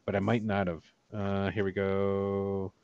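A man's voice: sits low, level tone, unhurried, a little mellow, clear, resonant tone, highs cut off. A man running a tabletop game as game master, narrating in a loose, casual way.

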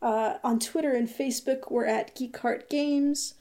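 A woman with a fairly high voice co-hosts a casual gaming podcast. She talks in a chatty, hesitant way, full of fillers and restarts. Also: steady tone, unhurried, dark tone. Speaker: podcast co-host. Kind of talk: casual chat.

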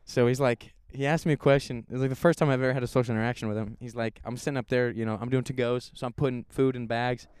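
A young man co-hosting a podcast, telling stories with loud high-pitched impressions of other people. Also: fast, few pauses, clear, resonant tone, dry recording. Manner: animated storyteller, yells high when quoting people. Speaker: podcast co-host. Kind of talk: casual chat.

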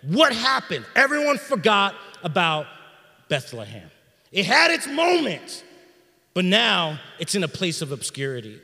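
A middle-aged man preaching a sermon in a church sanctuary, in an energetic, conversational style with slang. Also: high voice, a little slow, creaky, in a large hall. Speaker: pastor.

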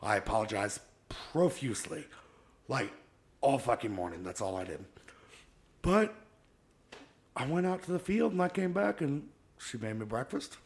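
A man in his thirties, a podcast co-host telling a story in casual chat, animated and laughing, acting out quotes loudly. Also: mid-range voice, normal speed, long pauses. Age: 30s.

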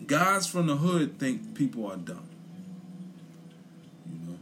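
A man's voice: mid-range voice, very animated, slow pace, pauses often, a bit bright, a little hiss or hum. A young man gives a blunt, profane opinion rant in casual chat, repeating his points for emphasis. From Brooklyn, New York. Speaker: commentator.

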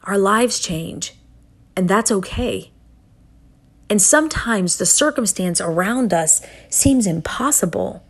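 A middle-aged woman preaching a sermon and telling a personal story, speaking earnestly with emphatic, dramatic pauses. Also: medium pitch, a little mellow, slightly rough.

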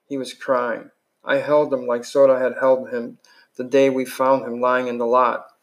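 A man reads a novel chapter aloud in an unpolished way, stumbling and restarting now and then. His voice sits at an ordinary middle pitch for a man, steady like a home reading. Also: unhurried. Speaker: reader.

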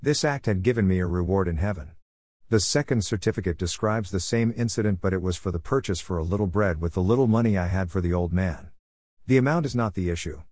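Male narrator, lowish voice, earnest measured reading of a religious testimony, dry booth sound. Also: darkish tone, dry recording. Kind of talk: scripted narration of a heaven testimony.

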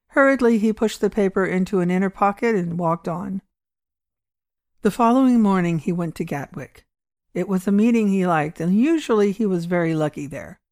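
A woman narrates a story in a measured, steady voice of middling pitch. The recording is dry and close, with no room echo. Her reading keeps an even storytelling pace. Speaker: audiobook reader.

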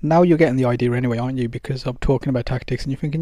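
Dark-voiced man giving casual advice. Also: medium pitch, fairly even intonation, very fast, no echo. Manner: conversational, acts out dialogues, many fillers.

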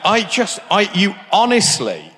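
A man's voice: high voice, huge pitch swings, a little slow, pushed and bright, a little hiss or hum. A man in his fifties, a guest in a live stage interview, telling rambling anecdotes that keep restarting and interrupting themselves. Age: 50s. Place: large concert hall with live audience. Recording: reverberant live hall.

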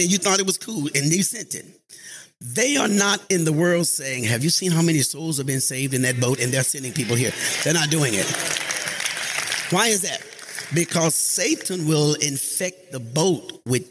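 Man, pastor preaching, rising to shouts, fairly high voice, faint hiss. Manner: lively preaching that climbs to shouts, calls on the congregation. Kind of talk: sermon. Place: church sanctuary.

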